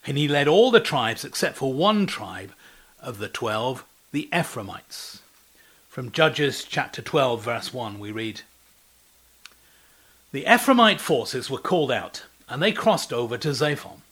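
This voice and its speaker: A man's voice: mid-range voice, a bit bright, breathy edge. A man giving a devotional talk as a preacher, telling a scripture story and asking the listener rhetorical questions.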